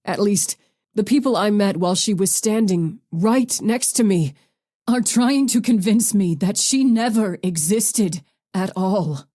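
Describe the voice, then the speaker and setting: A woman reading an audiobook, voicing a worried man calling about his missing girlfriend, in a halting, anxious way. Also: mid-range voice, expressive, warm tone. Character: worried adult man on a phone call.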